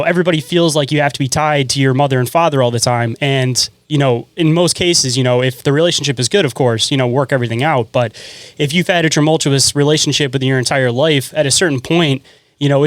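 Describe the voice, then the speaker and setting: Man, podcast host, earnest fast talk, dry close recording. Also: mid-range voice, no room sound. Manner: earnest, profane, frequent "man" and "you know". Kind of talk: casual conversation.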